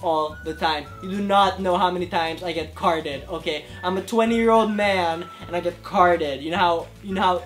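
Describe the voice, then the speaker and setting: A man in his twenties answering viewer questions to camera, excitable and gushing, with faint music behind. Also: sits high, moderate pace, hardly any pauses. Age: 20s. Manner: excitable, gushing, lively swings in loudness. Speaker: YouTube creator. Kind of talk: casual Q&A vlog to camera. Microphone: camera in front of him.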